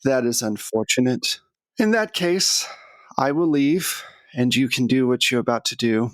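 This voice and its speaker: A man voicing a tall, gaunt, gray-skinned male servant of an ancient god, speaking in a flat, coldly polite monotone. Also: medium pitch, a little slow, no room sound, lightly acted.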